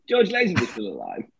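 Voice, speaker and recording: A man co-hosting a podcast, joking and chatting casually with quick asides. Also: high-pitched, vocal fry, slightly rough, dry recording. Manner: jokey, laughing, quick asides. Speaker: podcast co-host. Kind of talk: casual comedic chat. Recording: slightly lo-fi dry recording.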